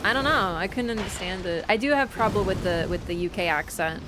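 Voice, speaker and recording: While gaming, a young woman chats casually and tells travel stories, swinging animatedly into quoted voices. She speaks at a medium pitch and fairly quick pace, with background noise present.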